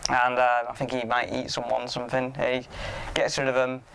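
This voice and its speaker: A man's voice: mid-range voice, completely flat delivery, normal speed, gravelly, a bit bright, a little hiss or hum. A young man casually recapping a film plot, rambling and sweary, often sounding mock-incredulous. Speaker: podcast host reviewing a film.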